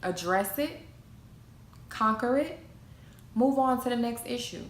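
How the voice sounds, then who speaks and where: A woman's voice: a little high, fairly even intonation, moderate pace. A young adult woman giving an emphatic motivational talk about self-esteem, repeating her key phrases like a preacher. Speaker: motivational vlogger. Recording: echoey room, faint noise.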